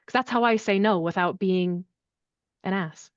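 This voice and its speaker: A woman guest on an interview podcast speaks in an animated, chatty way full of casual fillers. Her voice sits mid-range and is recorded dry, with no room sound. The audio is slightly dull and lo-fi. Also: mid-range voice, normal speed, dry recording. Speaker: accessibility services head, podcast guest. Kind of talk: conversational interview answer.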